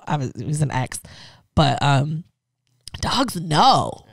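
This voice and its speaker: A woman hosts a casual podcast chat, telling stories with lots of swearing. Her pitch swings widely as she jumps in and out of the voices she acts out. The sound is dry and close, with no room echo. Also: normal speed. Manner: lively storytelling, acts out voices of dogs and people; swears freely. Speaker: podcast host.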